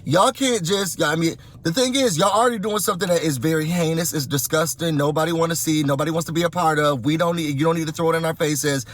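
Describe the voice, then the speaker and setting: A man's voice: on the high side, fairly even intonation, fast talker, few pauses. A man from Rochester, New York, talking to his viewers from his car, impassioned and emphatic, repeating points for weight. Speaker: vlogger. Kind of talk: casual vlog rant to viewers. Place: in a car, driving.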